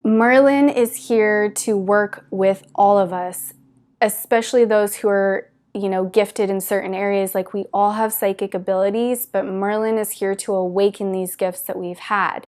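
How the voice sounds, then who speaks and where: A woman's voice: medium pitch, fairly even intonation, measured pace, a little mellow. A woman giving a spiritual talk to her viewers, telling it in an earnest, gushing way with many "like" fillers. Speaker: spiritual teacher.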